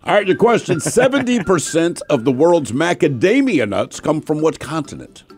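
Fifties guy radio host, super lively voice, doing little voices in his stories, soft music bed behind. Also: fairly high pitch, moderate pace. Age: 50s. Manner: animated, acts out quoted voices. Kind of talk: radio banter and storytelling.

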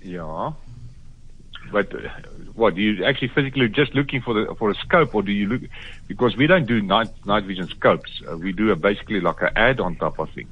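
A man's voice: lowish voice, lively intonation, a little fast, slightly rough. A man, a gun shop worker, answering a phone call, hesitant and flustered.

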